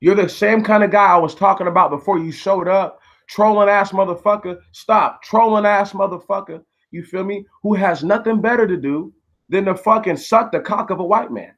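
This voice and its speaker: A man's voice: high-pitched, moderate pace, a bit bright. A man rants on his live stream. He swears constantly, repeats himself and argues with the viewers in his chat. He sounds angry throughout. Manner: angry, profane, repetitive, arguing with viewers. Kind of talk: heated live-stream rant.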